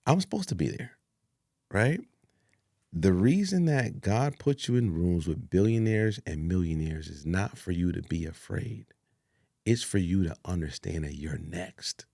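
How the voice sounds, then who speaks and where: A man spins a story in an interview, acting out the voices of everyone in it. His pitch leaps high and drops low as he talks. The sound is close and dry, with no room around it. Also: measured pace, vocal fry, dry recording. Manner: animated storyteller, acts out voices, laughs. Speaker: executive producer.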